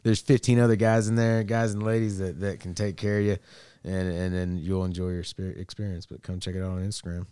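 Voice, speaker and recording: A man's voice: sits low, little pitch movement, fairly quick, warm tone, clear, resonant tone, no echo, studio quality. A man on a podcast as a guest, chatting casually and joking while he talks up his barber work. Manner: joking, rambling, self-promoting. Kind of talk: casual chat.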